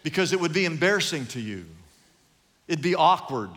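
Male pastor, animated and emphatic, high, bright voice, reverberant church. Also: moderate pace. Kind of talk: sermon. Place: large church hall. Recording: long hall reverb.

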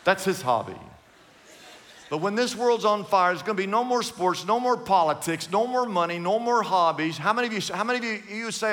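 An older man, a pastor, giving an emphatic, dramatic sermon in a large church, swinging between loud and soft. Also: high-pitched, animated, fairly quick, big-room sound, a little hiss or hum. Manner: emphatic, dramatic preaching with sudden swings in loudness.

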